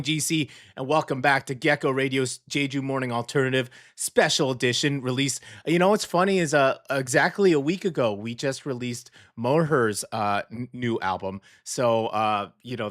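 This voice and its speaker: A man's voice: mid-range voice, moderate pace, few pauses, a bit bright. A man hosting a chatty morning show with a Southern twang. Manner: playful put-on Southern twang; rambling, with many fillers and self-corrections. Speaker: radio show host. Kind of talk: casual morning show chat.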